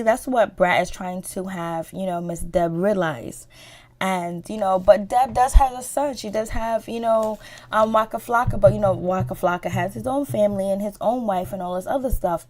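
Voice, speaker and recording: A woman giving a casual, chatty recap of a reality show, swearing freely and acting out the people's lines. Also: darkish tone. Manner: chatty, swearing, acts out quotes with rising pitch.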